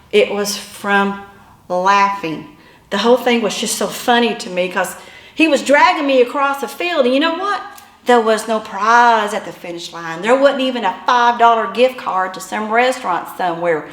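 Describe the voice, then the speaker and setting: A woman in her fifties with a high voice tells a funny personal story, animated and self-deprecating. The sound bounces around an echoey room.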